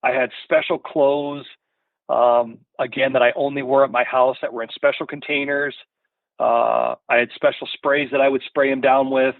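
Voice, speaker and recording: A man's voice: medium pitch, little pitch movement, normal speed, gravelly, dry recording. A man telling a story as a podcast guest, rambling and checking in with "you know" and "right?" all the time. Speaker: podcast guest from a hunting gear company. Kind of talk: casual storytelling in an interview. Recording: tinny phone-line sound.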